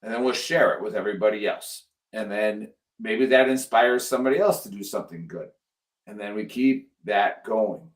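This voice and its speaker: A man's voice: on the low side, normal speed. A middle-aged man hosting a casual veterans' show, earnest and pleading, repeating himself for emphasis. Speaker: podcast host. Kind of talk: casual chat.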